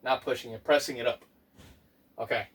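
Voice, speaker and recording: A man leading a home workout as a fitness instructor, counting reps aloud and giving slow, step-by-step tips. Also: mid-range voice, fairly even intonation, a bit bright, husky. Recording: voice from a distance off the mic.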